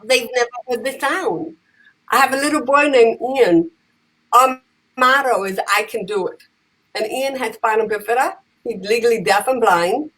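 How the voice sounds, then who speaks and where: A woman telling lively stories in casual conversation, acting out the voices of the people in them. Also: on the high side, normal speed, poor audio. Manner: animated, acts out voices in her stories. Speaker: guest, comedian and advocate. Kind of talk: conversational storytelling.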